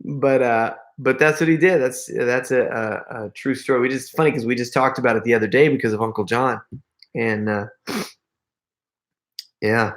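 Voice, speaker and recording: A middle-aged man talks to his live-stream audience in a loose, rambling way. He often breaks off and restarts his sentences, laughs in the middle of his stories, and stops to read comments aloud. His voice sits at an ordinary pitch for a man. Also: steady tone, normal speed, pauses often. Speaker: host reading live chat comments. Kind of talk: casual live-stream storytelling.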